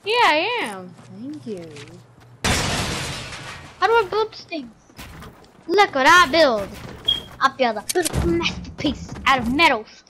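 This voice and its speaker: A young gamer in casual voice chat, goofy and excitable, calling everyone bro and yelling in bursts. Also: high voice, slow, long pauses, noisy background. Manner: says bro a lot.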